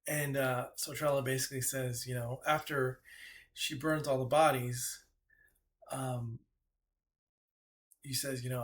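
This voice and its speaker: A man, an author, casually retelling a story, halting and repeating himself with many fillers. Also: mid-range voice, steady tone, fairly bright tone.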